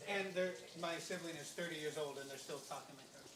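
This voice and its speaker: A man appearing as a guest chef, explaining steps in a relaxed, matter-of-fact way. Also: fairly high pitch, brisk, noisy background. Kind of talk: casual chat.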